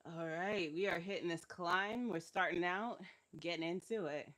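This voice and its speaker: A woman's voice: fairly low pitch, moderate pace, fairly bright tone. A woman leading a live-streamed workout as fitness instructor, encouraging and laughing often while she is cramping and feeling unwell.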